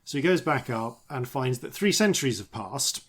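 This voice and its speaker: A man hosting a tabletop game podcast as dungeon master, telling a folk tale in a rambling, halting way. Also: mid-range voice, animated, a bit bright. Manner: rambling, halting storyteller with many ums. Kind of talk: casual podcast chat and storytelling.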